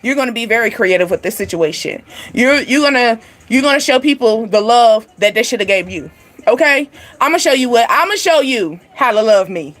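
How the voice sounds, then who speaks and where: A woman giving a casual, animated tarot reading, laughing often and speaking straight to her viewers. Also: fairly high pitch, brisk. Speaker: tarot reader. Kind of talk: livestream card reading.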